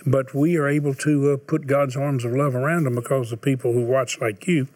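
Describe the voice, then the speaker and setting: An older man hosting a Christian TV talk show, steady and earnest, appealing to viewers in a preacher-like manner. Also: medium pitch, a little fast, dry recording. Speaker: TV host.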